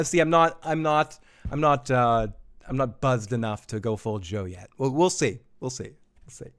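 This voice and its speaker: A man's voice: medium pitch, fairly bright tone, clean tone. A man hosting a live podcast, loose and jokey, laughing often and tripping over his words. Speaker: podcast host.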